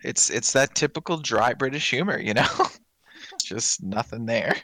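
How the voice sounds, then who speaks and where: A man trading jokes on a comedy podcast, laughing often as he talks. His pitch swings up and down animatedly, and the recording is dry and close with no room echo. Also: expressive, unhurried, sharp tone. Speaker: podcast co-host. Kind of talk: casual comedic chat.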